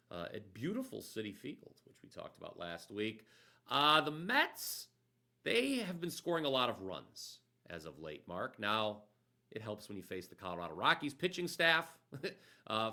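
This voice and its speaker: Betting-show host, male, upbeat announcer manner, lower pitch, bright edge. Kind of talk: casual sports betting talk.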